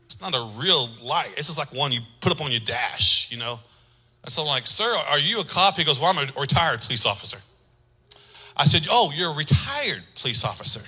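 A man preaching a sermon, moving from quiet storytelling to loud, shouted preaching. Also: a little high, rough recording. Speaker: pastor.

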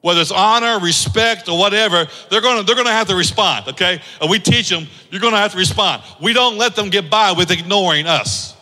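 A male pastor preaching with a bright, high-pitched voice. He fires off repeated rhetorical questions and lifts into a sing-song cadence. The sound rings out with a long church-hall reverb. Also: a little fast, few pauses. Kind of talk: sermon.

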